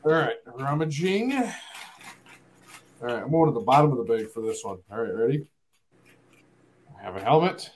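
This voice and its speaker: A man hosting a casual sports podcast, animated and quick to laugh at himself. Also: mid-range voice. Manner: animated, laughing, self-deprecating. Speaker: podcast host.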